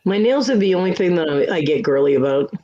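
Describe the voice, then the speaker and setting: Woman, livestream host, casual chat, joking, bouncy pitch, muffled lo-fi sound. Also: animated, fast, dark tone. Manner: joking, laughs often.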